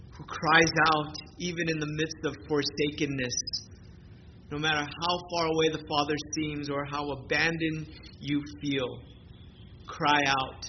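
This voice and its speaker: A man preaching a sermon as pastor, impassioned and emphatic, repeating phrases for weight. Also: fairly high pitch. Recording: muffled recording with clear background noise.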